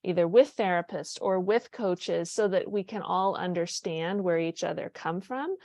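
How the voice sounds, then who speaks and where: A woman's voice: lowish voice, moderate pace, warm tone, dry recording. Woman, podcast host, casual and rambling, dry closely miked voice. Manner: chatty, rambling, frequent restarts and "like". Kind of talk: casual conversational interview.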